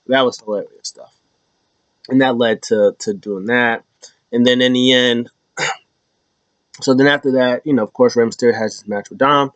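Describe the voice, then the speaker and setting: A man giving a casual recap of a wrestling show, animated, acting out quotes in high mocking voices. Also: normal speed, long pauses, no echo.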